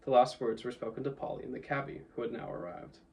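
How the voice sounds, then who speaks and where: A man reading a children's novel aloud in a steady, even storytelling manner, a little away from the mic. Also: medium pitch, quick pace, creaky, far from the mic, rough recording. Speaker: audiobook reader. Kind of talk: storybook narration.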